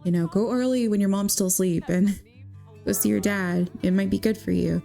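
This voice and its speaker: A woman voicing a gentle motherly aunt. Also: mid-range voice, fairly even intonation, normal speed, gravelly, soft background music, natural voice. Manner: soft, reassuring, motherly. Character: kind, gentle middle-aged aunt.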